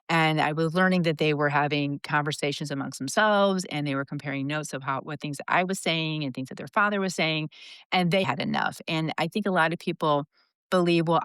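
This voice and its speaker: Low-voiced earnest woman in her fifties. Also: clear, resonant tone, dry recording. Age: 50s. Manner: earnest, confessional, animated retelling. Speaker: podcast guest. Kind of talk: candid personal storytelling.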